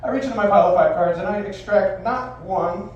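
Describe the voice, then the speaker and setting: High-voiced brash stage magician man. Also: brisk, dull audio. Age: 40s. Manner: brash, profane, theatrical showman. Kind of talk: live comedic magic patter. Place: live bar venue stage. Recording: echoey live room, distant mic, faint noise.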